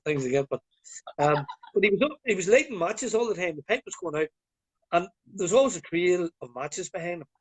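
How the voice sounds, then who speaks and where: Northern irish guy on a live call, higher voice, rambles thru his stories, lots of ums. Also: husky. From Northern Ireland. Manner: rambling, storytelling with many fillers. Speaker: guest. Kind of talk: casual chat. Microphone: video call.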